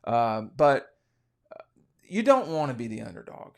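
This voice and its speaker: A man's voice: mid-range voice, big pitch swings, measured pace, vocal fry. A man hosting a casual college football podcast, giving rambling, opinionated betting commentary with frequent restarts. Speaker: sports podcast host.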